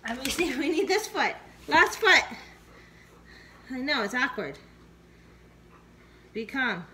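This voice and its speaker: A woman's voice: sits high, sing-song, slow pace, pushed and bright. A woman vlogging at home, coaxing, scolding and praising her dogs while she trims their nails. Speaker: dog owner vlogger. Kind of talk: casual home video. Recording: noisy room with dogs and clicks.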